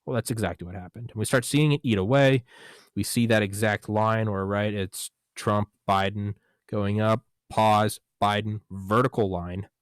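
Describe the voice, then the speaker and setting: A man with a lowish voice holds forth on his podcast. He swears freely and keeps firing off rhetorical questions and quick asides. His voice sits close and dry on the mic, with no room sound at all. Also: fairly even intonation, clear, resonant tone, no room sound. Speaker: podcast host. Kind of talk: casual monologue on a podcast.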